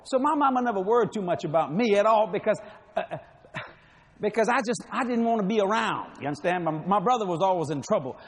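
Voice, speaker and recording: A man's voice: high-pitched, lively intonation, fast. A man preaching a sermon, telling funny stories in a folksy way and laughing between lines. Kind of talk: humorous sermon storytelling.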